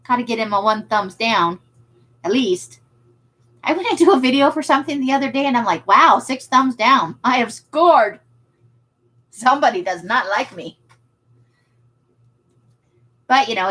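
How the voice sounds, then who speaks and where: A woman's voice: medium pitch, fairly bright tone, low-quality recording. A woman who runs a craft shop, hosting a casual livestream and chatting with viewers. She is self-deprecating and laughs often.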